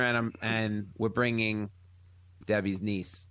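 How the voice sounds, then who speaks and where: Bright-voiced storytelling comedian man. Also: mid-range voice, a little fast, no room sound. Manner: animated storyteller, acts out family quotes. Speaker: comedian guest. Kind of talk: casual podcast chat.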